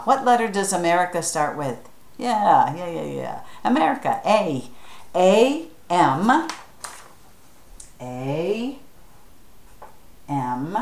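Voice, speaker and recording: Slow, patient woman in an echoey room. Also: fairly low pitch, sing-song, darkish tone, a little hiss or hum. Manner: slow, patient, spells words out letter by letter; encouraging, asks the viewer to follow along. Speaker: children's craft leader at a church. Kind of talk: craft tutorial for children.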